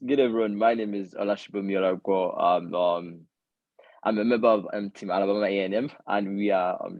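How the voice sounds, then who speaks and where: A man's voice: low-pitched, creaky, no echo. A man introducing his student team on a video call, polite and eager, with some fillers. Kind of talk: casual introduction. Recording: dry, dull lo-fi call audio.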